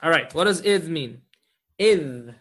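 A man's voice: on the high side, expressive, a little fast, fairly bright tone. A man teaching an Arabic grammar lesson, patiently quizzing his students and checking in with frequent questions.

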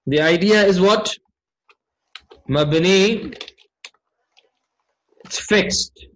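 A man with a high-pitched voice teaches Arabic grammar in an online class. He keeps checking in with his students through questions and recites verses at speed. He speaks into a computer mic while sharing his screen. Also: drawn-out words, a bit bright, poor audio. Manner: engages students with frequent questions.

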